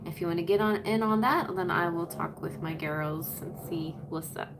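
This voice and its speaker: A woman's voice: on the low side, moderate pace, background noise. A woman hosting a live-stream tarot reading, chatty and rambling, laughing often and slipping into playful sing-song voices.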